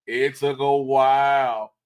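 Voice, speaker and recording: A man hosting a casual livestream talk show, an animated storyteller who acts out quoted dialogue. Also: medium pitch, slow, smooth. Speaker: host.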